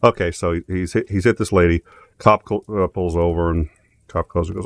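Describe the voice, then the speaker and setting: A man's voice: low voice, steady tone, normal speed. A man hosting a casual chat show, telling jokes and stories in a rambling way with many restarts. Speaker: host.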